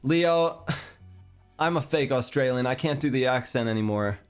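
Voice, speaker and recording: A man's voice: medium pitch, moderate pace, smooth. A young man with a Canadian accent, chatting casually on a stream in a meandering, hesitant, self-deprecating way. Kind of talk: casual chat. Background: faint background music.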